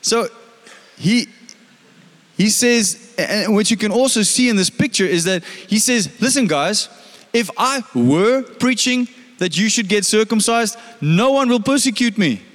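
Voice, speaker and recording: Male pastor, high voice, casual questioning sermon, echoing church hall. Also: expressive, unhurried, a bit bright. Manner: conversational preaching, asks the congregation questions.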